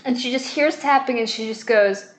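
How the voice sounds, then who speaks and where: In an echoey room, a young woman with a higher voice chats about a movie at a moderate pace, walking through it scene by scene. She acts out quotes with animation, swears, and laughs along the way.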